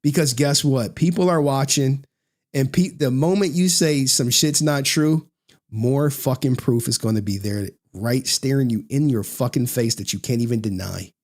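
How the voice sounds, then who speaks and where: A man's voice: medium pitch, normal speed, darkish tone. A man giving casual reaction commentary, blunt and profane, often repeating phrases for emphasis. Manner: blunt, profane, exasperated ranting.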